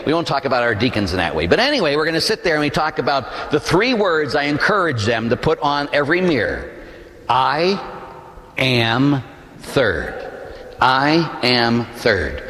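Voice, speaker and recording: Animated priest preaching in a reverberant church. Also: male voice, mid-range voice. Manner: animated, storytelling, acts out quoted voices. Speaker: Catholic parish priest. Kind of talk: sermon. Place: large church.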